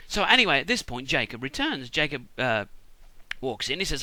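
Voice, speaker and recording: A man's voice: medium pitch, big pitch swings, fairly quick, sharp tone, no echo, poor audio. A British man retelling a Bible story as a comedy, irreverent, chatty and full of swearing.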